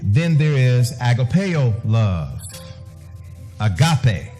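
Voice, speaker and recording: A man's voice: medium pitch, lively intonation, unhurried, mellow, faint music behind. A man preaching a sermon emphatically, repeating key words and phrases for stress. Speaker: pastor.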